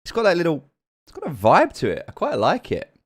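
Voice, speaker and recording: A man's voice: fairly high pitch, huge pitch swings, brisk. A man with a British accent hosting a live stream, chatting casually and greeting viewers one by one by name. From United Kingdom. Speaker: stream host.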